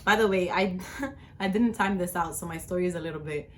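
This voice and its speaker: A young woman vlogger casually telling a personal story, chatty and animated, with lots of "like". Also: fairly low pitch, fairly quick, slight background noise.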